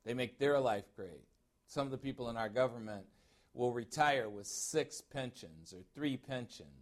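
A man's voice: medium pitch, moderate pace. A middle-aged man from Chicago preaching a sermon as a pastor-teacher, emphatic and asking his congregation direct questions. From Chicago, USA.

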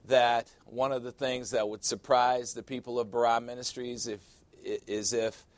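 Male pastor, confiding conversational sermon with quiet asides, mid pitch, dry close recording. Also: no room sound. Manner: candid, confiding, often drops to a low aside.

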